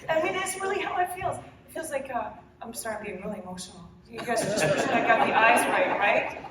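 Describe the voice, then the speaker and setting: Middle-aged woman painter, earnest and halting, fairly high voice, heard from a distance in a big echoey hall. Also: background noise. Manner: earnest, halting, restarts often, laughs. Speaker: painter giving a demo talk. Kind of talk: emotional, rambling live talk to an audience. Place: large echoey hall, live audience.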